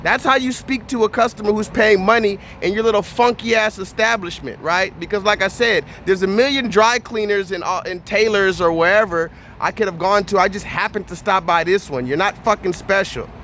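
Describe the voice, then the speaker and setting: Male vlogger with a high voice, blunt and profane, ranting with animated storytelling, light background noise. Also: fairly quick, hardly any pauses. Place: Houston area.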